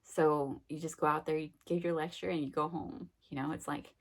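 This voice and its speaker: A woman's voice: low voice, steady tone, normal speed. A young adult woman giving a casual, rambling self-help talk, full of fillers and acted-out quotes. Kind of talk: casual monologue.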